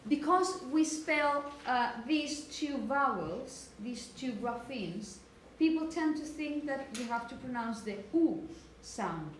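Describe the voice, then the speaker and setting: Lady teaching a class how to say words, highish voice, keeps asking okay?, bit of background hiss. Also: expressive. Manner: repeats words slowly to model pronunciation; asks "okay?" often to check understanding. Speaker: phonetics teacher. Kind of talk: classroom lecture.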